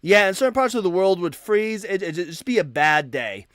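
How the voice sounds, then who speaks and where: A man's voice: sits high, lively intonation, moderate pace, few pauses, fairly bright tone, clean tone, dry recording, studio quality. A man hosting a live debate stream, talking casually and animatedly, often repeating and restarting words. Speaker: livestream debate host.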